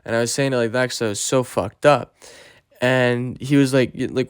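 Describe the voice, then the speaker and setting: A man's voice: mid-range voice, steady tone, normal speed, clear, resonant tone, no room sound, clean studio sound. A young man telling a story in a rambling, casual way, with lots of swearing and fillers. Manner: rambling, profane, lots of fillers like "you know" and "right?".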